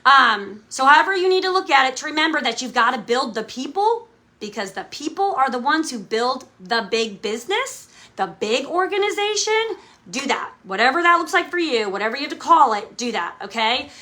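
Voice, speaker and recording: A woman's voice: high-pitched, very animated, a little fast, pushed and bright. A woman, a direct sales team leader, gives a motivational talk to camera, emphatic and checking in with "okay?" again and again. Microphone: camera mic, speaking to camera.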